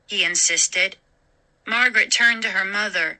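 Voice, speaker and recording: A woman host narrating a scary story in a slow, dramatic reading. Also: medium pitch, pushed and bright, poor audio.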